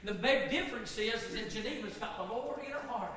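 A man preaching a sermon in a church, building to shouted fervor and calling to the congregation. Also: high-pitched, animated, a little fast. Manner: rising into shouted fervor, call-and-response. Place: church sanctuary. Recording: echoey hall, distant mic.

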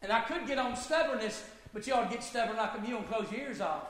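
A man, a pastor preaching an emphatic sermon with folksy asides and bursts of shouting. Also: very high-pitched, fast. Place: church sanctuary. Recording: echoey hall.

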